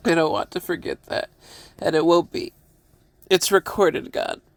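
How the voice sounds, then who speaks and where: A tearful man talking through an emotional personal monologue, halting and repeating himself, with laughs and sighs between his phrases. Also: a little high, steady tone, no echo.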